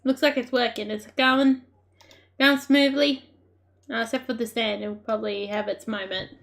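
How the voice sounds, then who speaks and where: A woman giving live gameplay commentary, excitable and laughing often, with playful trash talk at the other players. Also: a little high, normal speed. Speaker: gaming creator.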